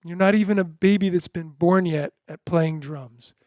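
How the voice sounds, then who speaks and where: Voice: mid-range voice, moderate pace, a little mellow, no room sound, studio quality. A drum teacher giving a beginner lesson in an encouraging way, chanting drum syllables in rhythm.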